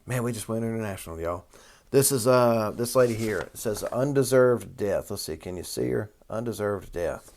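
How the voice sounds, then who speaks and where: A man's voice: fairly low pitch, moderate pace, vocal fry, a little mellow. A man, hosting a casual talk show and reading a news article aloud with rambling asides. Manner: folksy, rambling, with y'all and asides. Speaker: host.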